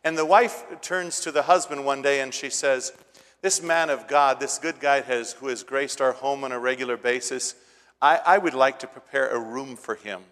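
A man's voice: medium pitch, normal speed, fairly bright tone. A man preaching a sermon, retelling a scripture story in a casual way and building to emphatic points. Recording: long hall reverb.

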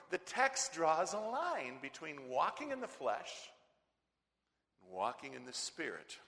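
Forceful preaching man in a reverberant hall. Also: medium pitch, vocal fry. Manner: emphatic preaching that swings from loud to hushed. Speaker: pastor. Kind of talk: sermon. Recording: long reverb of a large hall.

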